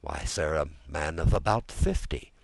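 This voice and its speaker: A man's voice: a bass voice, expressive, a little slow, gravelly, no room sound, heavily acted. A male audiobook reader voicing a household valet who gives plain, deferential answers.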